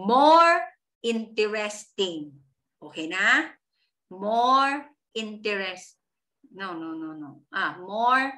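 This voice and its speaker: A woman teacher, slowly spelling out words and often checking that her students understand. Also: on the high side, sharp tone. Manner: switches between English and Thai mid-sentence. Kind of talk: online grammar lesson.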